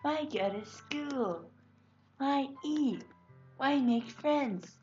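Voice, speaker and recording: A woman takes on a soft-spoken teenage girl from a game, her high voice sitting well above her normal one. She speaks slowly, letting each line drag. A dull, lo-fi recording carries faint music behind her. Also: lively intonation, heavily acted. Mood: sad. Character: cheerful teen girl hiding deep sadness. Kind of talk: reading game dialogue aloud.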